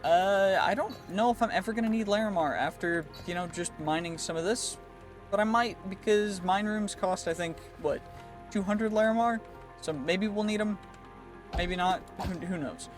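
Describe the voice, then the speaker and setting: A man narrates his gameplay in a loose, chatty stream, excitable and prone to restarting sentences as he thinks aloud. His voice sits fairly high for a man. Clear background music plays under him the whole time. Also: normal speed. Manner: chatty, excitable, talks through his moves with frequent restarts. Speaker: gaming channel host. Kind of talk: casual gameplay commentary.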